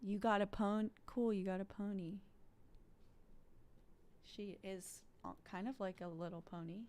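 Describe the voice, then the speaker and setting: A woman's voice: mid-range voice, fairly even intonation, measured pace, darkish tone. Playful woman chatting on a livestream. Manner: laughing, playful. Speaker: guest co-host. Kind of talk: casual livestream chat.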